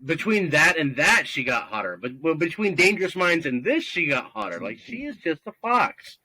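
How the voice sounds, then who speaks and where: A man's voice: a little high, sing-song, moderate pace, bright, forceful tone, poor audio. A man co-hosting a podcast, chatting casually and agreeing emphatically. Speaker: podcast co-host. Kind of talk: casual chat.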